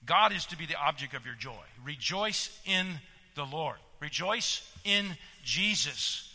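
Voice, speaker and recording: Male pastor, high and very bright voice, exhorting sermon with hushed asides, church with long reverb. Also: animated, a little slow. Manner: exhorting, swings between loud emphasis and hushed asides.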